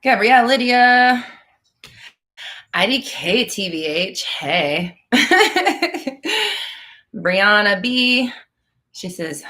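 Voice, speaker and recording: A manifestation coach hosts a live Q&A on a stream, chatting casually and bluntly, swearing freely and laughing between remarks. Her voice sits a little high with lively intonation and a sharp tone. She talks extremely slowly and pauses often.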